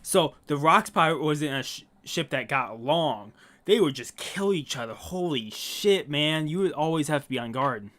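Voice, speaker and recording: A man's voice: a little high, moderate pace. Guy reacting to a manga chapter, cursing a lot, reads lines out then gets hyped. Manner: swears often, reads text aloud with excited asides. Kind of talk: casual reading and reacting.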